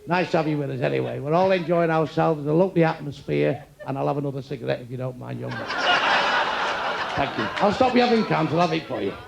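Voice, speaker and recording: A man's voice: fairly high pitch, a little fast, creaky, crowd noise. An older man doing crude stand-up, teasing audience members with insults and one-liners. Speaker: stand-up comedian. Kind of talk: stand-up crowd work. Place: comedy club stage. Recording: noisy live club recording. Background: audience laughter.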